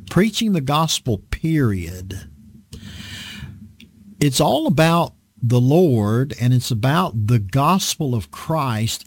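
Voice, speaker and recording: Slow-talking, animated male preacher. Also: mid-range voice, breathy edge. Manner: halting with fillers and restarts, earnest. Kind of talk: unhurried sermon-style talk on a program.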